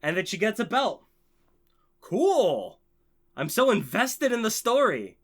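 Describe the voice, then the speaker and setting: A man ranting passionately on his own channel, heavily profane and swinging between biting sarcasm and loud, excited enthusiasm. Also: sits high, takes it slowly. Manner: profane, heated, swings from sarcasm to shouting joy. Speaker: channel host. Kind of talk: impassioned ranting vlog.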